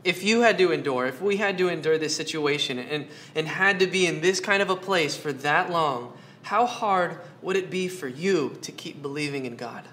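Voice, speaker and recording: A man's voice: fairly high pitch, normal speed, few pauses, bright, forceful tone, a little hiss or hum. A man preaching a sermon, earnest, asking his listeners question after question and repeating phrases for emphasis. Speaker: pastor.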